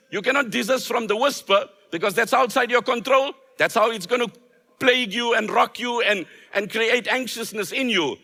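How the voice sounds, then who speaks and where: A man's voice: very high-pitched, bright, forceful tone. A man, an Islamic scholar, delivering an emphatic sermon with rhetorical repetition. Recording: long hall reverb.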